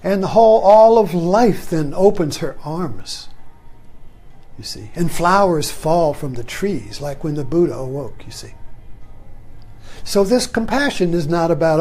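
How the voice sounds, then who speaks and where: A man giving a rambling, meditative spiritual talk, often trailing off into a soft, low "you see.". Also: animated, a little slow. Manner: repeats "you see" softly, drops low at phrase ends; rambling, conversational, with chuckles. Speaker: spiritual teacher.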